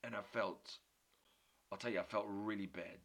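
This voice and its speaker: A man's voice: lowish voice, steady tone, moderate pace, vocal fry. A man giving an earnest, emphatic sermon built around a personal story. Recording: loud background noise.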